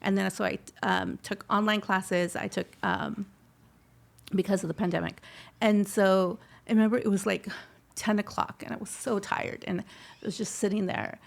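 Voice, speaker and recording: A woman's voice: mid-range voice, fairly even intonation, moderate pace, vocal fry. A middle-aged woman telling her personal story in an interview, heartfelt, slipping Spanish phrases into her English. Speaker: scholarship recipient guest.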